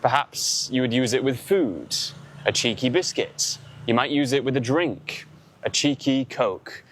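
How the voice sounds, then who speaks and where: A man's voice: mid-range voice, expressive, measured pace, a bit bright, a little hiss or hum. Chatty man with an English accent teaching. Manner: chatty, explains words with examples. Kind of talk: vlog-style lesson.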